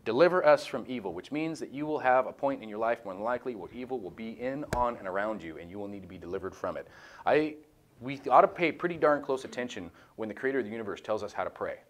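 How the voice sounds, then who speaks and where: A man's voice: lowish voice, lively intonation, quick pace, a little hiss or hum. A man leading a small group Bible study, casual and jokey, cutting in with blunt comments. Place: room with a small group, streamed live.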